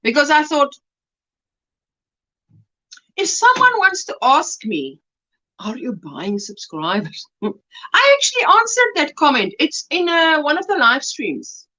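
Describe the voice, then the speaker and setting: Chatty South African woman, lively high voice. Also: a little slow, pauses often, low-quality recording. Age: middle-aged. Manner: warm-hearted, chatty, greets viewers as sweetheart. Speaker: crochet livestream host. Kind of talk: casual livestream chat reading comments.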